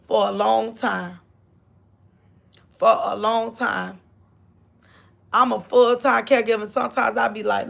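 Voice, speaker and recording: Gravelly older woman preaching faith. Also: a little high, fairly even intonation, unhurried, long pauses, a bit bright. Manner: preachy, repeats phrases, greets viewers. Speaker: livestream host. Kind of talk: inspirational faith talk to viewers.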